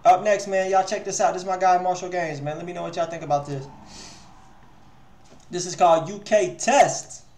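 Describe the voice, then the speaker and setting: A man's voice: high-pitched, normal speed, darkish tone, slight background noise. A man hosting a live music review stream, talking loosely in slang and swearing freely. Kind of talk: casual livestream chat. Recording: echoey room.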